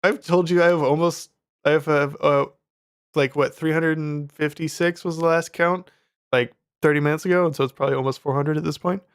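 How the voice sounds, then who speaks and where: A man's voice: fairly high pitch, fairly even intonation, fairly quick, clean tone, dry recording, clean studio sound. Chatty man rambling on a livestream. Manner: rambling, laughs often, many fillers. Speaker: streamer selling his course. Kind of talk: casual livestream chat.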